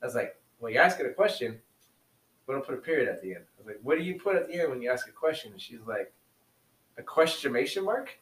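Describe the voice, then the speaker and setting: A man's voice: medium pitch, big pitch swings, quick pace, a bit bright, distant mic. Roomy-sounding man telling classroom stories. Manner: storytelling, laughs easily. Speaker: teacher and podcast co-host. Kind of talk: casual chat. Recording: roomy echo, set back from mic.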